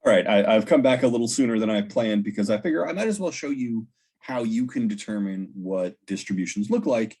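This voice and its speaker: Middle-aged guy teaching a stats class over a headset mic, kinda husky, lowish voice, lots of ums and doubling back. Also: animated, fairly quick, dark tone. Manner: rambling, self-correcting, frequent ums and restarts. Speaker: statistics teacher. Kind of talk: casual recorded lecture.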